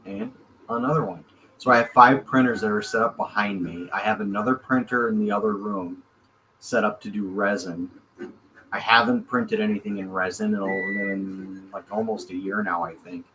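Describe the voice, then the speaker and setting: A man's voice: lowish voice, fairly even intonation, normal speed, pushed and bright, a little hiss or hum, poor audio. An American man co-hosting a casual chat show from his home, rambling easygoing talk with many fillers. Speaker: podcast co-host. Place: home room with 3D printers.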